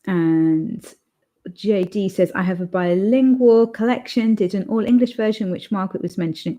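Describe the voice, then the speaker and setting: Casting note: young woman, author host, chatty and rambling, relaxed stream talk. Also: on the low side. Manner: chatty, rambling with fillers and restarts. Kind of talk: casual chat reading live comments.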